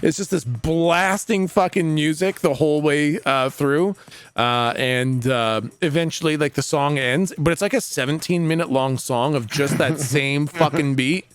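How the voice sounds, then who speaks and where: A man's voice: fairly high pitch, unhurried, smooth, dry recording. A tired man narrating as game master of a tabletop game, rambling with lots of fillers and casual swearing.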